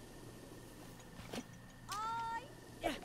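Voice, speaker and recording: A gaming streamer giving casual let's-play commentary, playful and affectionate, often dropping to a soft murmur. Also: very high voice, expressive, extremely slow, background noise. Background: game music.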